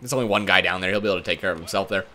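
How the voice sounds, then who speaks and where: A young gaming YouTuber gives casual, profane commentary on his own hockey video game. He swings from low muttering to loud, excited shouts, and at times his speech races.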